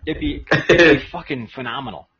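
A man's voice: a little high, expressive, brisk, fairly bright tone. A man co-hosting a comedy podcast, trading crude, profane jokes and laughing often. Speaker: podcast co-host. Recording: dull lo-fi audio.

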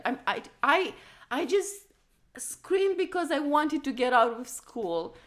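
Animated woman telling a funny story. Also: high-pitched, unhurried. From Romania. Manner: animated, laughs through her story, acts out quoted voices. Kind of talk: casual storytelling chat.

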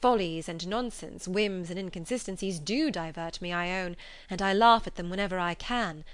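A woman's voice: on the low side, moderate pace, clear, resonant tone, no echo, lightly acted. Casting: woman playing a witty young woman, teasing and ironic, dry close sound. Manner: lively, ironic.

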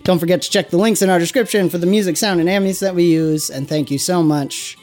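A game master who says they are still sick and recovering their voice, narrating a tabletop game in halting bursts and then reading the show's outro. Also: medium pitch, darkish tone, faint music behind. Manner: halting, with many fillers and restarts. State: still sick, voice not fully back.

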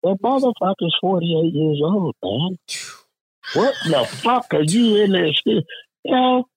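On a poor recording with a bit of hiss or hum, a union representative unhurriedly tells a workplace story, his high voice full of swearing as he animatedly mimics the people he quotes.

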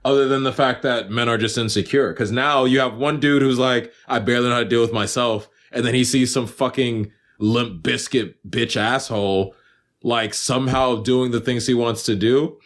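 A man co-hosting a podcast in casual chat, animated, profane and teasing. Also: mid-range voice, moderate pace. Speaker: podcast co-host.

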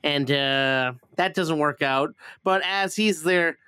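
A man retells a movie plot in a loose, rambling chat, swearing often and slipping into goofy voices for the characters. His voice sits a little high, bright and crisp. The sound is dry and close. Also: slow pace, no room sound. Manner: rambling, profane, acts out lines with silly voices. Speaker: podcast host reviewing a movie. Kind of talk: casual chat.

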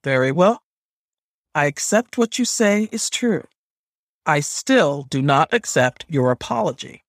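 A man's voice: a little high, sing-song, a little slow, no echo, studio quality. A man voicing a stern, commanding goddess who is the heroine's grandmother, speaking in a hard tone. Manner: hard, demanding tone.

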